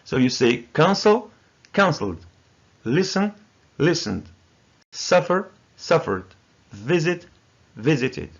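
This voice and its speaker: A man teaching English grammar with a Moroccan accent, a native Moroccan Arabic speaker who drills each word slowly and deliberately. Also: fairly high pitch, very animated, husky, muffled recording. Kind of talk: recorded grammar lesson.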